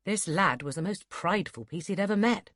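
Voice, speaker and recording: Studio-quality audio captures a woman with a mid-range voice reading scripted audiobook narration. Her delivery is steady and measured, and there's no room sound.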